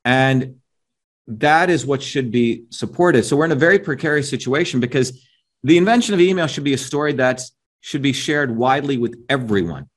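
A man's voice: medium pitch, animated, fairly quick. A man speaking as an interview guest, emphatic and combative, pushing his points and often tagging them with a questioning "right?". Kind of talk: opinionated interview talk.

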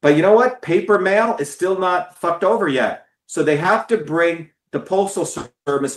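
A man's voice: sits high, roomy sound. A man giving an impassioned, profane talk to his followers, stressing and repeating words. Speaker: political speaker.

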